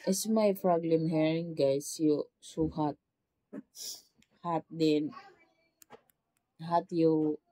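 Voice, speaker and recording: A woman from the Philippines vlogs casually in broken English with a Filipino accent from a simple rural home in the tropics, overheated and worn down by the heat. Her voice sits low and mellow, steady in tone and extremely slow, with frequent pauses, emotional and plaintive. The audio is rough but has no echo.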